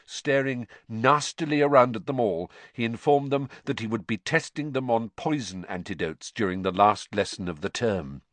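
Male audiobook narrator, lively melodic reading, dry close sound. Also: medium pitch, normal speed, hardly any pauses, no room sound. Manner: expressive, animated. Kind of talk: storybook narration.

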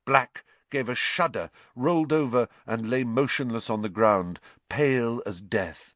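Slow, dramatic male storyteller. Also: mid-range voice, fairly bright tone, dry recording. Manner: measured and dramatic. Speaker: audiobook narrator. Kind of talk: scripted storybook narration.

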